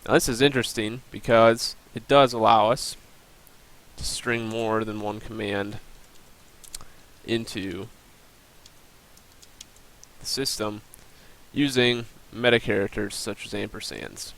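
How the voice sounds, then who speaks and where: Young male student presenter, lowish creaky voice, plain explanatory delivery for a recorded screen demo. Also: fairly even intonation, slow pace, pauses often, fairly bright tone, poor audio. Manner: plain explanatory, walks through steps with um and uh.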